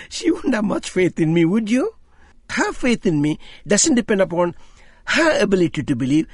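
An older man with an Indian accent gives a testimony sermon. His fairly high voice has a rough, husky edge, and his pitch swings widely as he acts out conversations in his stories. The recording is close and dry. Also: dry recording. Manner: animated storyteller who acts out dialogue. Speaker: lay preacher.

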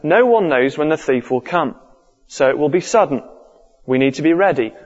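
A man's voice: fairly high pitch, lively intonation, moderate pace. Casting: earnest male preacher, sermon delivery, lo-fi sound with long hall echo. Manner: earnest, repeats key points. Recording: dull lo-fi recording with long hall reverb.

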